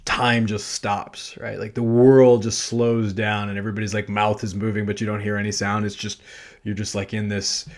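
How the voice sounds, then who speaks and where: A man's voice: on the low side, moderate pace. Guy hosting a podcast telling a story about himself, rambly with lots of uh and you know, chuckles at his own mishap. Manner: animated anecdote telling with frequent fillers and self-deprecating laughs. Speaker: podcast host. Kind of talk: storytelling monologue.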